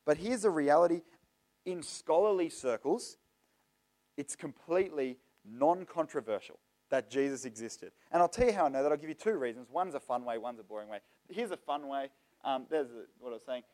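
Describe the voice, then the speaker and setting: A young man giving a lively, joking talk to a youth audience, addressing the crowd directly. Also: on the high side, normal speed. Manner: chatty and joking, talks straight to the audience. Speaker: youth seminar speaker.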